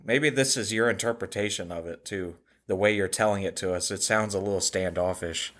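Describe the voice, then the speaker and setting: A man's voice: fairly low pitch, fairly quick, a bit bright. A man on a casual podcast, thinking aloud in a hesitant way. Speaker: podcast co-host.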